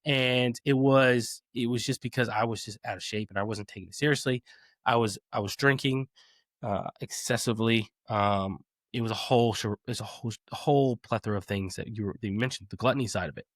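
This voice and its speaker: A man around thirty hosting a casual podcast chat. He has a middle-range voice and rambles in an easy, friendly way, full of fillers and quick laughs. The sound is close and dry. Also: medium pitch, no echo. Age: 30s. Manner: chatty, laughs often, many fillers and restarts. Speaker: podcast host.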